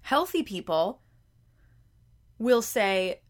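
A woman hosting a self-help podcast, her voice sitting mid-pitch for a woman. She talks in a loose, conversational way, often repeating words as she goes. She presses her points with pointed rhetorical questions. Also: expressive, measured pace, fairly bright tone. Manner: emphatic, challenging rhetorical questions; conversational, frequent word repeats. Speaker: podcast host.

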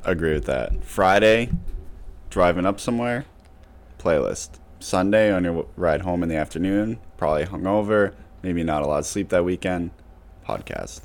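A man's voice: sits low, lively intonation, moderate pace, vocal fry. A young man co-hosting a casual podcast, chiming in with brief, matter-of-fact remarks.

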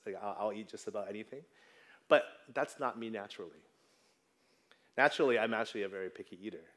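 With a voice on the low side and a fairly bright tone, a man in his thirties preaches in a relaxed, conversational style. He keeps checking in with his congregation, frequently ending lines with "right?".

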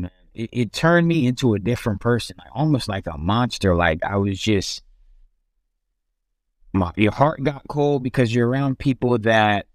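A man's voice: fairly low pitch, no room sound, studio quality. A young man casually telling his life story as an interview guest, loose and rambling with many restarts.

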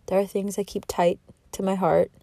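Young woman podcast host, rambling and heartfelt, mellow lowish voice, dry close sound. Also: flat delivery, moderate pace, vocal fry, no echo. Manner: rambling, heartfelt, self-reflective, with laughs. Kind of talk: candid solo podcast monologue.

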